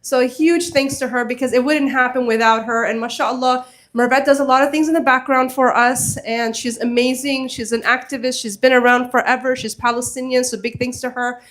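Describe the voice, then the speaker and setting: At a mosque event in a community hall, a woman community organizer gives an impassioned speech, heartfelt and earnest, urging the crowd with pressing appeals. Her voice is bright and high, her tone steady, and she talks briskly with few pauses.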